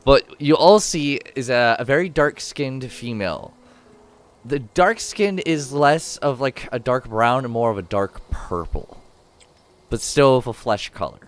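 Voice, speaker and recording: A man narrating a tabletop role-playing game as game master, describing scenes in a casual, halting way with many fillers. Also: mid-range voice, lively intonation.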